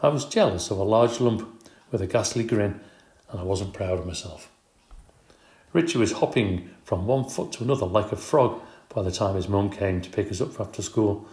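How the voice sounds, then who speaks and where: A man reading a children's storybook aloud in an expressive, brisk way. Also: lowish voice. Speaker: audiobook narrator. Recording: roomy echo.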